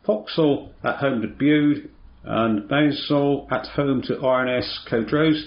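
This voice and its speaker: A man hosting a casual local radio sports show, chatty and relaxed with plenty of ums and uhs. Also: medium pitch, slow. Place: radio studio. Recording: roomy, slightly dull radio studio sound.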